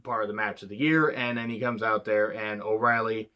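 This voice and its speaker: A man's voice: lowish voice, steady tone, brisk, smooth, highs cut off. A man giving a casual, profane wrestling review, blunt and sarcastic, rambling with restarts.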